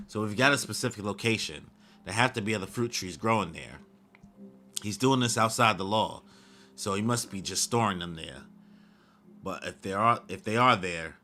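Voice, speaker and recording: A man's voice: deep voice, sharp tone. A man reading a manga aloud live and reacting with slangy asides, as the regular host of his channel.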